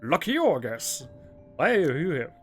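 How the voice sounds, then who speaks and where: A man voicing a brash, adventurous male American journalist with a put-on American accent, loud and emphatic. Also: on the high side, big pitch swings, normal speed, slightly rough, faint music behind, pitched above the performer's own voice. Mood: eager.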